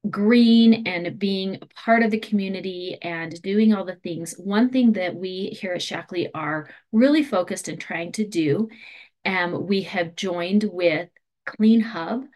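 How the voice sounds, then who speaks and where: A woman co-hosting a company call, hurrying through promotions in an excited, rushed way with frequent fillers and restarts. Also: lowish voice.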